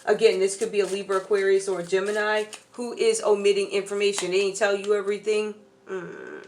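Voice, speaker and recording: A woman's voice: mid-range voice, animated, brisk, darkish tone, slight background noise. A woman doing a casual tarot reading, chatty and loose, talking straight to her viewers. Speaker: tarot reader.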